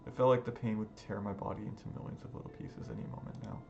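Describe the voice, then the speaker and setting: A man's voice: medium pitch, steady tone, fast talker, gravelly, darkish tone, highs cut off. A man reading a visual novel aloud in a dramatic, emotional first-person narration over background music. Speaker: gaming video creator. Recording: music playing underneath.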